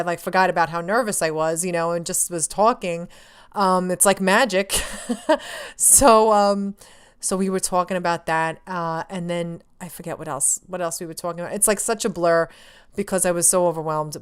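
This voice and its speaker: A woman vlogger with a smooth, clear voice that sits a little low. She tells a story in a rambling, excitable way, full of "like" and "you know", and acts out her own remarks. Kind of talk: casual vlog storytelling.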